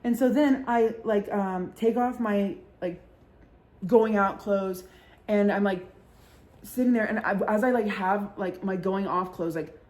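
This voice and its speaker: A woman's voice: mid-range voice, measured pace, darkish tone. A young woman hosting a podcast, telling a story in a casual, chatty way, swearing often and filling her sentences with "like". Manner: chatty and profane, many filler likes. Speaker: podcast host.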